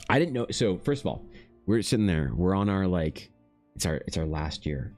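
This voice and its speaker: A young Canadian man, an artist streamer, telling an animated, swear-laced story in casual chat with lots of restarts. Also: sits low, normal speed, soft background music.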